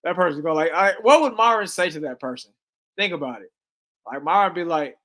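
A man's voice: a little high, lively intonation, a little fast, a bit bright. A man doing casual live-stream commentary, loose and slangy, reading chat messages aloud as he reacts to a clip.

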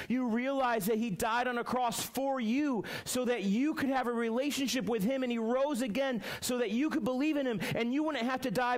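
A young man preaching to middle schoolers as a youth pastor, telling a story with lots of fillers and then turning to teaching. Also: extremely high pitch. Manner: animated storytelling, many fillers. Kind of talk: youth sermon with personal story.

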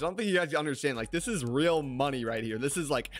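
A young man giving excited gameplay commentary as a gaming video creator, hyped and slangy, swinging between nervous muttering and shouting. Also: a little high, quick pace. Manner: slangy, says "bro" and "dude" often. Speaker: gaming YouTuber.

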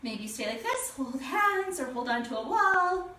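A woman's voice: high-pitched, very animated, normal speed, pushed and bright, echoey room, distant mic. A woman teaching a family yoga class for children, giving cheerful, encouraging instructions and making animal sounds.

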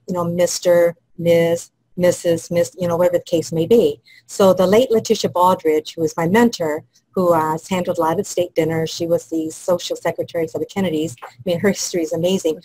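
A woman on a webinar panel explaining business etiquette in a measured, instructive way. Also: lowish voice, steady tone, dark tone, breathy edge, no echo, rough recording. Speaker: protocol expert panelist.

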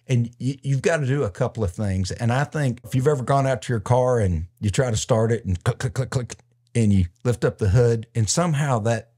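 A man's voice: mid-range voice, darkish tone. A man hosting a faith podcast, talking in an earnest, preacherly way and quoting scripture. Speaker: podcast host and minister. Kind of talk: preaching commentary in a podcast chat.

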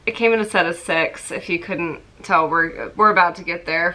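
A young woman in a casual vlog, chatting excitedly and emotionally about her collection. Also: lowish voice, takes it slowly, long pauses. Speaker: vlogger showing a merch collection. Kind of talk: casual chat.

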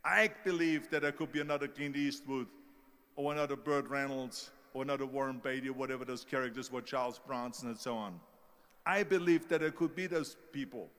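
A man's voice: medium pitch, brisk, a bit bright, big-room sound. An older man with a German-speaking Austrian accent, giving an emphatic motivational speech with stories. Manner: storytelling, emphatic, mimics doubters.

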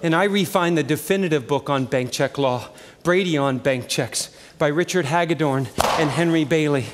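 Frantic comic storyteller, high voice, in a theater. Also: male voice, normal speed, noisy background. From Oregon, USA. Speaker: solo stage performer. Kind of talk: comic one-man stage monologue. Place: live theater with audience. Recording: long reverb of a live theater.

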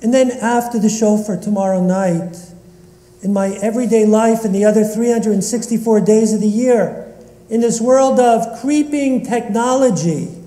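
A man giving a sermon as rabbi in a synagogue, asking slow, reflective rhetorical questions. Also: high voice, mellow. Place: synagogue sanctuary. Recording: echoey long reverb of a large hall.

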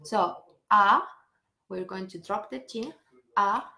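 A woman singing teacher gently guiding a vocal warm-up, step by step, with breathing cues and sung vowels. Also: mid-range voice, takes it slowly, creaky, roomy sound. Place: home room on a live stream.

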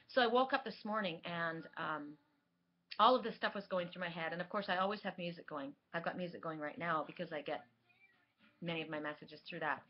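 Woman vlogger, rambling earnest chat, dull home recording. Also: fairly low pitch. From Southern California. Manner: rambling, earnest, many fillers and restarts. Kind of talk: casual spiritual vlog talk.

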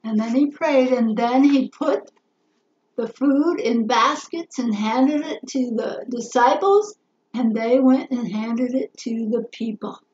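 Slow, expressive woman telling a Bible story. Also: fairly high pitch. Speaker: Bible teacher. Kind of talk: children's Bible story lesson. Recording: roomy, slightly dull recording.

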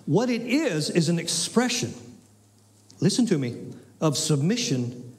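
A pastor, preaching with emphatic repetition and folksy asides, sometimes dropping to a soft, near-whispered delivery. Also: male voice, fairly high pitch, big pitch swings, measured pace. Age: 60s. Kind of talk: sermon.

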